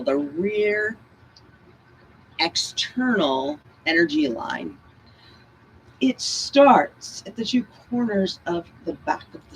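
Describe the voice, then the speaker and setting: Slow, gravelly woman guiding bodywork. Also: lowish voice, a little hiss or hum, low-quality recording. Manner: slow, calm, guiding cues. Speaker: movement instructor. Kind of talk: guided breath and bodywork class.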